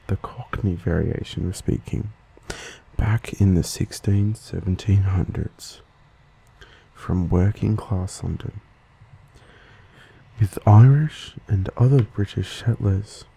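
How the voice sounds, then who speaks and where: A man with an Australian accent, giving a soft-spoken ASMR lesson into a stereo microphone and pronouncing each word slowly and carefully. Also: fairly low pitch, vocal fry, husky. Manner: slow, careful, gentle enunciation. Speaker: ASMR channel host. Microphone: Blue Yeti microphone, stereo.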